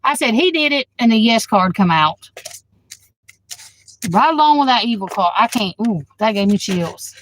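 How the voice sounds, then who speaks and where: A woman tarot reader chatting casually to her livestream viewers, blunt and outspoken, swearing freely and quick to flare up at the chat. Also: on the high side, expressive, fairly bright tone, slight background noise, rough recording.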